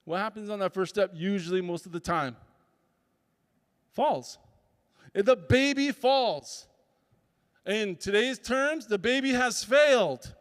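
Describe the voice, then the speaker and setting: A man's voice: high-pitched, animated, slow pace, pauses often. A man giving a motivational talk as a summit speaker. He tells stories and acts out voices and sounds. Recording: reverberant hall.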